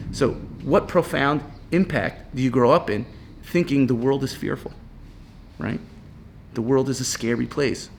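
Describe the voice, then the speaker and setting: A man's voice: mid-range voice, gravelly, a little hiss or hum. Casual man teaching a Torah class. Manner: casual, peppered with "right?" and "you know"; reads Hebrew text aloud, then explains it in English.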